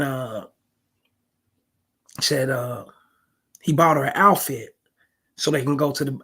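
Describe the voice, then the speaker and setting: A man giving casual reaction commentary on dating, slangy and emphatic, who keeps calling his listeners fellas and bro. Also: medium pitch.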